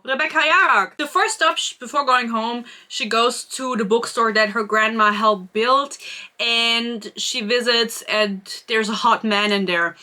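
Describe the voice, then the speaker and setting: A woman from Germany delivers a casual book review in English. Her voice sits a little high and sounds bright and crisp. She keeps it chatty and sarcastic, with playful asides.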